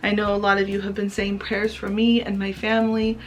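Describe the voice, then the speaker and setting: A woman's voice: mid-range voice, flat delivery, fairly quick, soft background music. A woman crafting vlogger talking to her viewers in a heartfelt personal update, earnest and emotional. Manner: earnest, emotional, tearful at times. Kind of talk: heartfelt personal vlog talk.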